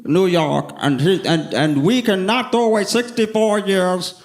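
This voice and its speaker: A man playing a halting speaker who keeps repeating himself at a press conference. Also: sits high, voice pushed up. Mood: earnest. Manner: halting, repetitive, stumbling.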